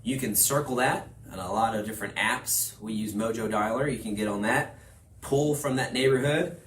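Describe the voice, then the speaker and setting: A man from Houston leads a class for agents, talking with energy and slipping into quick acted-out dialogues. His voice sits at an ordinary middle pitch. The room is echoey, with faint ambience behind him. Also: slight background noise. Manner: energetic, acts out quoted conversations. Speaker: real estate trainer. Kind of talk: class lecture.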